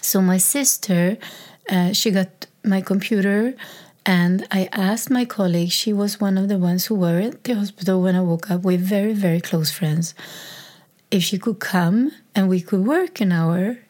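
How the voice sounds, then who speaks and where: A woman telling a raw personal story in a halting, reflective way, with many restarts. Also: mid-range voice, a little mellow. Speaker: speaker sharing a personal story. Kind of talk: personal testimony.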